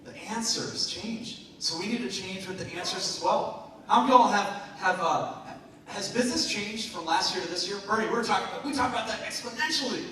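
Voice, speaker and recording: A man's voice: high voice, quick pace. Man speaking in a very echoey hall. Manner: lively, jokey, asks the crowd questions. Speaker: motivational speaker. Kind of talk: live motivational talk to an audience. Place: event hall before a live audience. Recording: very echoey hall, speaker far from mic, noisy.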